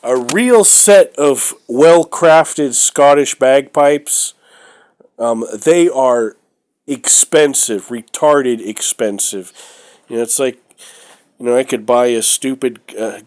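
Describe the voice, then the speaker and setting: Smooth and darkish, with a medium pitch, this vlogger's congested voice drifts slowly through a tour of his collection. The home vlog feels casual and chatty as he wanders, pauses, fills gaps with filler words and states his opinions bluntly.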